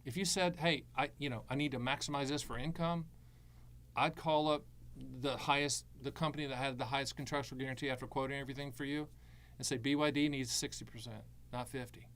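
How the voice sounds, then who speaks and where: A man's voice: medium pitch, steady tone, brisk, a bit bright. A middle-aged man hosting a live Q&A as an annuity advisor, answering viewer questions with breezy, jokey salesman patter.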